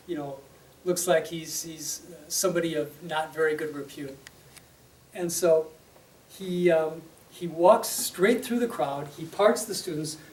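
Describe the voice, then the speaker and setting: A man, a religious teacher, telling a story in a conversational lecture with fillers and check-ins. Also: fairly high pitch. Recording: roomy, distant mic, faint noise.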